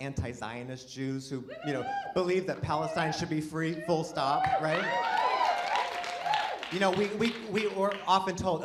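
A man doing a stand-up set, rambling and self-deprecating, swinging from mumbled asides to shouted bursts, with audience laughter behind him. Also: on the high side. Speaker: stand-up comedian. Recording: live club mic with audience noise.

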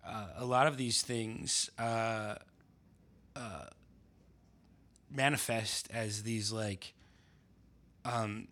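A man talking casually in a conversation, pausing often with fillers and restarts. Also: fairly low pitch, steady tone, pushed and bright. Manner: halting, many fillers and restarts. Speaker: writer and podcast guest.

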